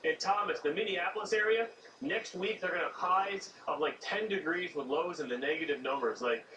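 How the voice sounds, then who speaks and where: A man presenting the weather forecast on a morning show in a quick, casual way. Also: sits high, pushed and bright. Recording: roomy studio, distant mic, noise.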